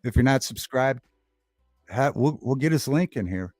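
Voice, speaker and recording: A man's voice: medium pitch, expressive, moderate pace, a little mellow, no echo, soft background music. Chatty livestream host man, dry close sound. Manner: chatty and rambling, repeats movie quotes with relish. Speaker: livestream talk show host. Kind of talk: casual chat, reading live chat aloud.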